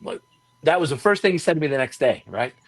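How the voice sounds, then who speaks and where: A man's voice: quick pace, no echo. A man who works as a wrestling commentator, telling a story as an interview guest in casual talk, acting out the quotes of others with a raised voice. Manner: animated storyteller, acts out quotes with raised pitch.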